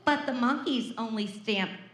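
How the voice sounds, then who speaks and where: A preschool teacher, a woman, reading a picture book aloud to children with expressive storytelling and dramatic pauses. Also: fairly high pitch, heavy background noise. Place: preschool classroom. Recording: echoey classroom.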